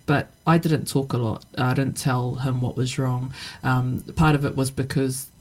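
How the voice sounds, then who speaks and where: A woman's voice: a bass voice, level tone, unhurried, a little mellow, low-quality recording. A middle-aged woman talking reflectively in a casual podcast conversation, with many fillers and restarts. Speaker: podcast guest.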